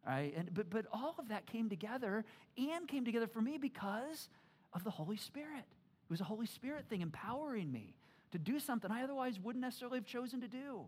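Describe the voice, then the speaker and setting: Animated joking pastor preaching. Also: medium pitch, quick pace, husky. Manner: animated and joking, swings from loud to hushed; frequent repeated words and restarts. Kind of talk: sermon.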